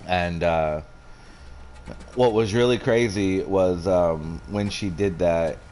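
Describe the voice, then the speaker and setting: A man with a drawl chats while streaming a game. His voice sits a little low, and he rambles from story to story, swearing freely along the way. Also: slow pace, a little mellow, a little hiss or hum. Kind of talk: casual chat while gaming.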